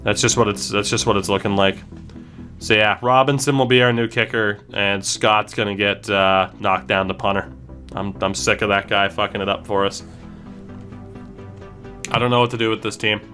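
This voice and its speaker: A man's voice: fairly low pitch, level tone, moderate pace, sharp tone, faint music behind. Frustrated, swearing gaming streamer man. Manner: frustrated, swearing, self-blaming rants. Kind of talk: live gameplay commentary.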